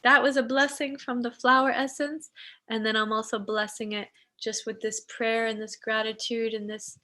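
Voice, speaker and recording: A woman hosting a live-streamed meditation ceremony, speaking softly and slowly in devotional blessings and chatting to viewers. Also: a little high, flat delivery. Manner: soft, slow and devotional when blessing. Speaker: spiritual teacher and ceremony host.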